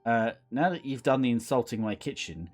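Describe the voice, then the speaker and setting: A man's voice: mid-range voice, expressive, a little fast, soft background music. A man casually joking through a video game playthrough, sarcastic and swearing freely. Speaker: gamer playing through a visual novel. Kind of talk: casual let's-play commentary.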